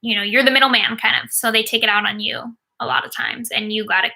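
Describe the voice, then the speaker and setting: A woman's voice: fairly high pitch, steady tone, fast talker, creaky, bright, forceful tone. A woman in her thirties, a sports agent, casually answering viewer questions while watching a game, with many ums and likes.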